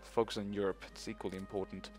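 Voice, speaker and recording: A man's voice: lowish voice, flat delivery, quick pace, darkish tone, faint music behind. A young man commentating his own strategy game playthrough, rambling and swearing often. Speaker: let's play host. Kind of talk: gaming commentary.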